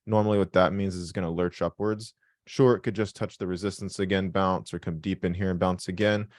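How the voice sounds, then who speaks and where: Deep-voiced blunt trading mentor. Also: male voice, fairly even intonation, a little fast, no room sound. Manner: blunt, joking, swears freely. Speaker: trading mentor hosting a live session. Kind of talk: live call-in session, casual profanity.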